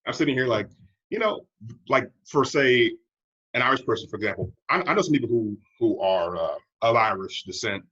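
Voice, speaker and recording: A man's voice: medium pitch, expressive, fairly quick, bright, forceful tone, husky, dull audio. An American man co-hosting a podcast, talking in a reflective, wry way and acting out other people in a raised voice. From United States. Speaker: podcast co-host. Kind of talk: casual conversation.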